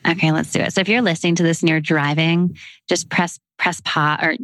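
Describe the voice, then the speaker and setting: A woman with a Canadian accent who talks casually and then slows into a calm, soothing voice to guide a breathing exercise. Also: low voice. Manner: calm, slow, soothing when guiding.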